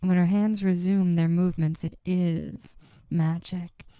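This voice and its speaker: Smooth, low-pitched woman narrating slowly. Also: fairly even intonation, mellow, dry recording, low-quality recording. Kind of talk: second-person erotic story narration.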